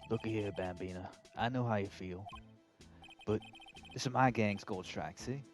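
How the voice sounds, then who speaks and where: A man voicing a swaggering cowboy lawman with a low, gruff drawl in a game playthrough. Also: a little slow, over music, close to an everyday voice. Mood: menacing drawl.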